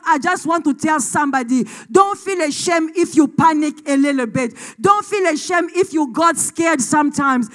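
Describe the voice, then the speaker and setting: A woman pastor preaching a passionate sermon in church, often shouting, with frequent "uh" fillers. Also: sits high.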